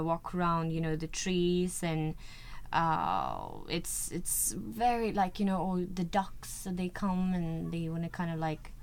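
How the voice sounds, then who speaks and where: A woman's voice: on the low side, clear, resonant tone. Chatty woman with a European accent. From Sweden. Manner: chatty and gushing, full of "like" and "you know". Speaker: actress guest. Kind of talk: casual interview chat.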